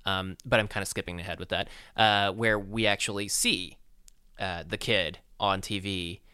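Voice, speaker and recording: A man's voice: low voice, steady tone, sharp tone, clean tone, dry recording, studio quality. A man co-hosting a podcast, recapping a film in casual chat with many ums and uhs. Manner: halting, filler-heavy recap. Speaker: podcast co-host. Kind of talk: casual movie discussion.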